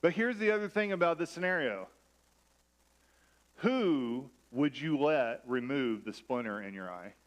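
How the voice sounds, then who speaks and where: A man's voice: mid-range voice, expressive, unhurried. A man preaching a sermon in a church, conversational and self-deprecating as he mixes personal stories with scripture. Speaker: pastor.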